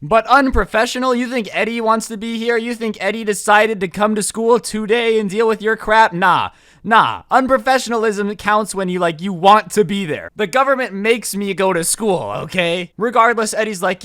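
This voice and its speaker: A man's voice: high-pitched, normal speed, fairly bright tone, dry recording. A young man telling a comedic storytime with slangy asides to viewers, close to the mic. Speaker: storytime YouTuber.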